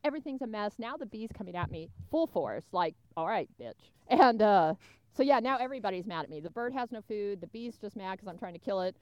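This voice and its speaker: A woman telling an exasperated, animated story in casual chat as a podcast co-host. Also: mid-range voice, fast talker, lo-fi sound.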